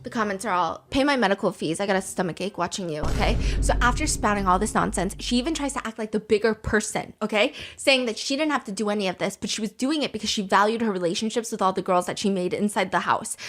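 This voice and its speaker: A woman's voice: medium pitch, animated, fast, hardly any pauses, a bit bright. A young woman hosting a podcast, retelling reality dating drama in a sarcastic, gossipy, casual way and acting out what people said. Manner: gossipy and sarcastic, acts out quotes. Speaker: podcast host recapping a dating show. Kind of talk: casual storytelling chat.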